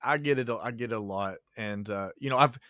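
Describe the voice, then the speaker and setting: A man's voice: medium pitch, a little fast, fairly bright tone, dry recording, clean studio sound. A man co-hosting a casual podcast, telling teacher stories in a joking way and laughing often.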